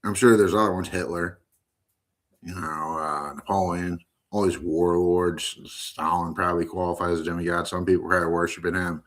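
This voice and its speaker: Low-voiced rambling American man streaming. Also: normal speed, fairly bright tone. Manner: rambling, joking, loose and unfiltered. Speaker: live-stream host. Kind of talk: rambling live-stream monologue.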